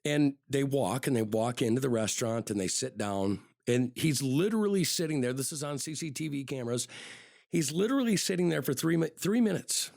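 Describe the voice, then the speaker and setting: A man hosts a podcast and tells a true-crime story in a casual, rambling way, doubling back on his words and leaning on "you know". His voice sits at an ordinary middle pitch. It is recorded dry and close, with no room sound. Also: animated, brisk, creaky, darkish tone, no echo. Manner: conversational, repeats words and says "you know" often. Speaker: podcast host.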